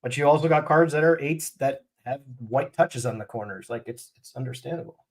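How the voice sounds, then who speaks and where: A man's voice: medium pitch, fairly quick. A fired-up man hosting a casual live stream, ranting bluntly and talking to his chat.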